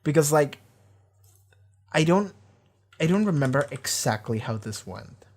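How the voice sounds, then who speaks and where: A man's voice: on the high side, lively intonation, measured pace, a little mellow. A man hosting a casual TV reaction, talking in a rambling way, full of fillers and casual swearing. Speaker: show reaction host.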